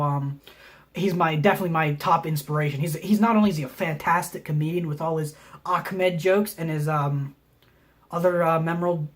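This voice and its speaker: Deadpan rambling young man. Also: on the high side. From Tennessee, US. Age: young adult. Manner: deadpan, rambling, full of fillers. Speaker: film student. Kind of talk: mock pitch video.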